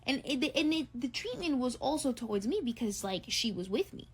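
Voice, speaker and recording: A woman's voice: sits high, fairly quick, breathy edge. A woman with a New Jersey accent telling a travel story to camera, blunt and swearing often. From New Jersey, United States. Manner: blunt, swears a lot, animated retelling.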